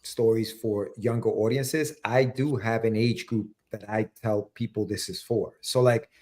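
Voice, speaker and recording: A man's voice: fairly low pitch, fairly even intonation, unhurried, darkish tone. A man hosting a casual podcast, laid-back, laughing often and reading viewer comments aloud. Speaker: podcast host.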